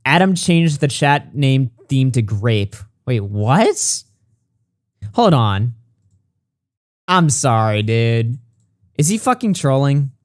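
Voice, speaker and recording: A man's voice: mid-range voice, sing-song, dry recording, clean studio sound. A man hosting a commentary show, reading messages and reports aloud and reacting bluntly, with plenty of swearing. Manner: blunt, profane, reads texts quickly. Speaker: commentary channel host.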